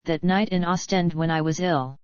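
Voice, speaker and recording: A woman's voice: lowish voice, normal speed, clear, resonant tone, no room sound, highs cut off, natural voice. A woman reading a moody young prince. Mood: probing. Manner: careless, cross, fearful. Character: moody young male prince, careless and brooding. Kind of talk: audiobook character reading.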